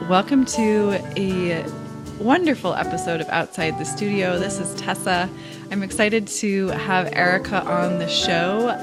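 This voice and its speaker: A woman's voice: mid-range voice, measured pace, loud music behind the voice. A woman hosting a podcast, chatting in a casual, curious way with her guest and laughing often. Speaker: podcast host. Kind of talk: casual interview chat.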